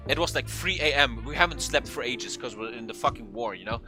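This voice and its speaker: A young man telling a funny story in a casual, animated way, swearing often and acting out what people said. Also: medium pitch, brisk, soft background music. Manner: animated, swearing, acts out quotes in a raised voice. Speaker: vlogger.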